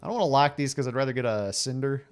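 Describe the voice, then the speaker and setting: A man in his late thirties streams a game with casual commentary, chatting with and teasing his viewers while laughing often. His mid-range voice is clean-toned and fast.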